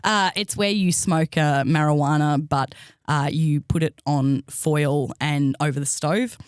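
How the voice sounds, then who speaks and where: A woman's voice: deep voice, steady tone, measured pace, clear, resonant tone, no room sound, clean studio sound. Blunt woman co-hosting. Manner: blunt, swears casually. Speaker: podcast co-host. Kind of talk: casual podcast chat.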